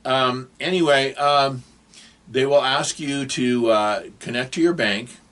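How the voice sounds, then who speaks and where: A man's voice: medium pitch, takes it slowly, a bit bright. An older man giving advice in a casual, rambling, digressive monologue to camera.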